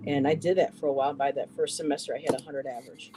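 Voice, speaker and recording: A woman in her fifties, co-hosting a live poetry stream, telling a personal story casually, halting often with "you know" and restarts. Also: very deep voice, fairly even intonation, noisy background. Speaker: poetry show co-host.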